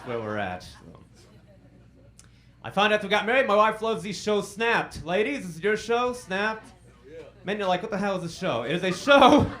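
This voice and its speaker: A man's voice: high-pitched, fairly bright tone, slight background noise. A man in his thirties doing a stand-up comedy set on a club stage, self-deprecating, with dry punchlines delivered to the crowd.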